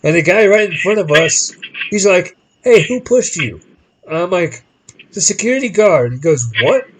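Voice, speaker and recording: A man with a slightly high voice hosts a casual podcast and tells a long story. He acts out the people in it with lively shifts of voice and often restarts his sentences. Faint noise sits under the recording. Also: normal speed. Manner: animated, acts out quoted people in different voices; rambling with frequent restarts. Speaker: podcast host.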